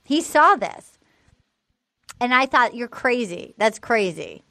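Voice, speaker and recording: A woman's voice: a little high, sing-song, slow, bright, forceful tone, no echo. A woman co-hosting a casual podcast, retelling a dating show and acting out quotes in voices. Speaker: podcast co-host.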